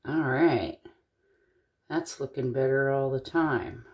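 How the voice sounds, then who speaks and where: A woman's voice: a bass voice, takes it slowly. A middle-aged woman from Eastern Washington, chatting casually and thinking aloud as she shows a wire-wrapping craft, with the odd corny joke. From Eastern Washington, USA. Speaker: jewelry-making tutorial host.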